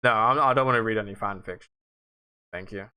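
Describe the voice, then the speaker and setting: A man's voice: on the low side, a little fast, pushed and bright, clean tone. A young man, chatting casually on a livestream and answering viewers in a rambling, self-mocking way. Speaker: livestream host.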